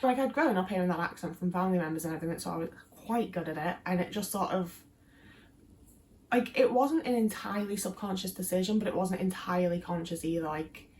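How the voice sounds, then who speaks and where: A young Englishwoman whose accent blends Midlands and Liverpool chats casually to camera as a YouTuber, rambling with plenty of fillers. Her voice is fairly low, quick and a little mellow, with slight background noise.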